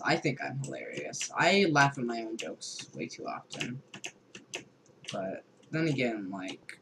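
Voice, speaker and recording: A young man rambling over a video game at his desk, sarcastic and loose, leaning on filler words and swearing. His voice sits at an ordinary male pitch. Keyboard clatter and a steady hiss of noise run under the recording. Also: unhurried. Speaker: gamer. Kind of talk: casual gameplay commentary.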